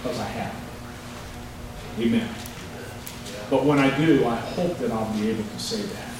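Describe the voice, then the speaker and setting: A man's voice: medium pitch, moderate pace. A male pastor preaching a sermon, telling folksy stories between scripture readings, heard from a distance in a church with the congregation answering. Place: church sanctuary. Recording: echoey church from far off. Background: congregation responses.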